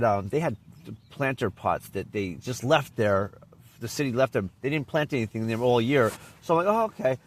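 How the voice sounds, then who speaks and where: Rambling man telling a casual story. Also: mid-range voice. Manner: rambling, with frequent restarts and trailing off. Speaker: vlogger.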